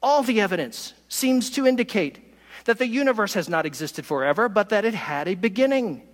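A man preaching a sermon as pastor, emphatic, speeding through asides and slowing down to stress key words. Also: high-pitched, expressive, long reverb tail. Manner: emphatic preaching, pace shifting from quick asides to slow stresses.

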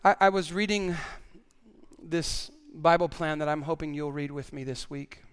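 A man's voice: fairly high pitch, normal speed, clear, resonant tone. A male pastor preaching a sermon in an earnest way, often repeating words as he stresses a point.

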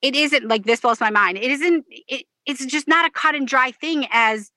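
A middle-aged woman delivers a motivational monologue with a bright, forceful tone and a voice pitched a little high. She is emphatic, swears freely and repeats her key points. The sound is close and dry. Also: brisk, hardly any pauses, no room sound. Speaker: podcast host, life coach.

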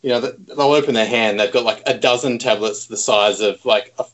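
A man's voice: mid-range voice, a little fast, fairly bright tone. A man, telling a long self-mocking story in casual chat, rambling and laughing often. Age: 30s.

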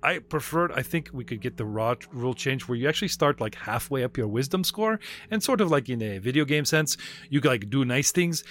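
A man's voice: mid-range voice, expressive, fairly quick, fairly bright tone. A man running a tabletop role-playing game as game master, chatting and narrating in a rambling, casual way. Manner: chatty, rambling, laughs often.

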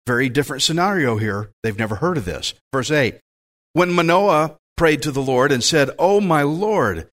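A man's voice: a little high, fairly bright tone. A man preaching a sermon, reading scripture aloud and breaking off into enthusiastic, conversational asides. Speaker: pastor.

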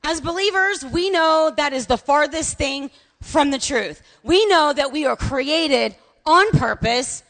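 Woman pastor with a high voice, lively storyteller who shouts at the peaks, sermon in a large echoing church hall. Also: a little slow. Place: church sanctuary. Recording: long reverb of a large hall.

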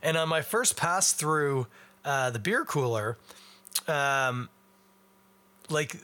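A man's voice: on the high side, animated, slow, bright, forceful tone, clean tone. A middle-aged man from Canada hosting a beer podcast in a chatty, wry, rambling way. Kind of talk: casual beer review chat.

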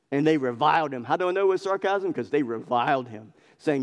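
A man's voice: mid-range voice, lively intonation, fairly quick, hardly any pauses. A man preaching an expository sermon in a church, talking with emphatic passion and repeating phrases for emphasis. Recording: long reverb of a large hall.

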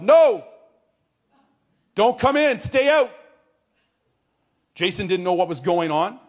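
A man telling a story in a sermon, earnest, dropping his voice quietly at tender moments. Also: on the high side.

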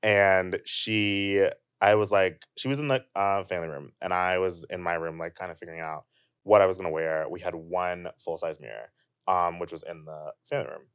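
Rambling young man, lowish voice. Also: steady tone, normal speed, fairly bright tone, clear, resonant tone, no echo, studio quality. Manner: rambling, heavy use of "like". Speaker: podcast guest. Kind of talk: casual chat.

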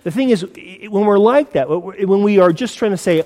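A man's voice: high voice, moderate pace, darkish tone, in a large hall. A man with an American accent preaching a sermon as pastor, in a conversational way with rhetorical questions and repeated words. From United States.

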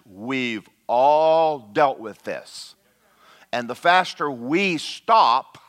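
Bright-voiced preacher man. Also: mid-range voice. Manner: lively, conversational, talks directly to the congregation. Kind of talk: sermon.

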